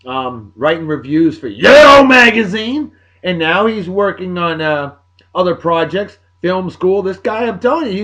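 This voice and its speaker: A man, hosting a show and giving rowdy, salty shout-outs to friends in a casual rambling way. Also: on the high side, lo-fi sound. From Martha's Vineyard, Massachusetts. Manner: boisterous, salty, hollers catchphrases.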